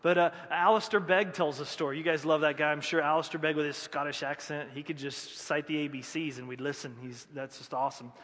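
Bright-voiced pastor preaching in a hall. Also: male voice, on the high side, fairly even intonation, brisk, hardly any pauses. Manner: conversational, self-deprecating humor with acted asides. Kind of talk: sermon. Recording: echoey hall.

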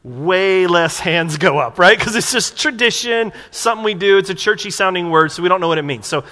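Man, pastor, sermon, high voice, bright tone, church hall reverb. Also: lively intonation, fairly quick. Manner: conversational, asks the congregation questions. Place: church sanctuary.

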